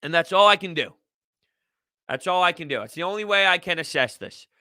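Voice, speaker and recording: A man's voice: high-pitched, lively intonation, a little fast, sharp tone, no echo, clean studio sound. A man hosting a casual livestream sports talk show, emphatic and repetitive as he vents frustration. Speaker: host.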